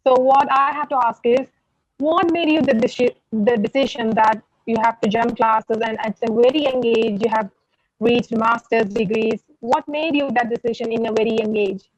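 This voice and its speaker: A woman asking an earnest question on a video call, with halting grammar. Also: on the high side, no room sound. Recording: dull, dry online call audio.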